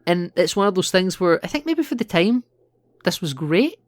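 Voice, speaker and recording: A man's voice: high-pitched, sing-song, moderate pace, no echo. A man co-hosting a podcast, chatting casually about films, explaining and laughing easily. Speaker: podcast co-host. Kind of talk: casual film chat.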